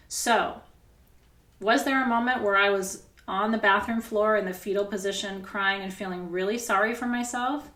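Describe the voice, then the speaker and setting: Candid, animated middle-aged woman coach. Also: on the high side, normal speed, roomy sound. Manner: candid, animated storytelling with laughs and swearing. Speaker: spiritual coach. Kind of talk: casual coaching session.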